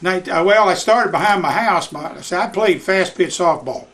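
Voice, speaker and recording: Brief: older man, high-pitched folksy storyteller, home interview. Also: normal speed, a bit bright. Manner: folksy Southern storyteller, acts out voices in his anecdotes. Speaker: retired youth baseball coach. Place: living room of his house.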